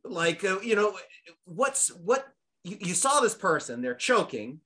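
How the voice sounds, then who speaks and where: Male host, high bright voice, easygoing interviewer. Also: very animated, a little slow. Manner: chatty, laughing questions. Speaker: podcast host. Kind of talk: casual interview.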